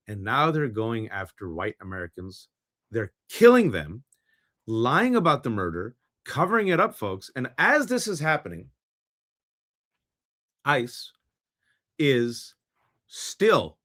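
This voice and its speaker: A man's voice: mid-range voice, very animated, slow pace, long pauses, a bit bright. A middle-aged man hosting a political podcast, impassioned and sarcastic, acting out mock dialogue to make his points. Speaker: podcast host. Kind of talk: political commentary.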